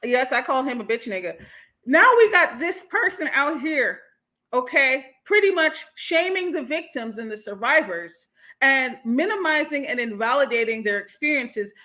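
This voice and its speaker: A woman's voice: high voice, bright, forceful tone. A woman hosting a livestream commentary, talking bluntly and heatedly to her chat, with frequent profanity. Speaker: host.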